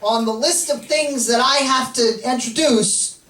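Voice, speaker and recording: A man's voice: very high voice, unhurried, a little hiss or hum. Rambling male comedian in an echoey live room. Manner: rambling, self-deprecating, with bursts of shouting. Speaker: comedian telling a story on stage. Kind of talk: live stand-up storytelling. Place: live comedy venue with audience. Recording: echoey live room, distant mic, crowd laughter. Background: audience laughing.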